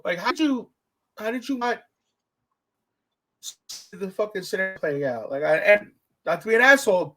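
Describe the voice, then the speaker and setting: A man hosting a podcast, telling stories in a casual, profane, animated way. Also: normal speed, pauses often. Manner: animated, profane storytelling with big pitch swings. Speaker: podcast host.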